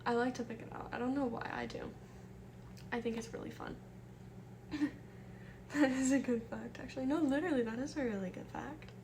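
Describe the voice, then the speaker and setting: A young woman from the American Midwest chats casually on a live stream in a soft, gentle voice that sits a little high. She greets her viewers one by one and reads their messages aloud. A faint hum of room ambience stays underneath. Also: brisk, pauses often. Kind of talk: casual chat with chat readers.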